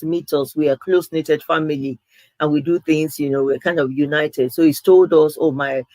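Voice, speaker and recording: A woman's voice: low-pitched, no echo, rough recording. Earnest middle-aged woman preacher, dry close sound. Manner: earnest anecdotal storytelling with frequent restarts. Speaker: pastor. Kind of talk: live sermon-style storytelling.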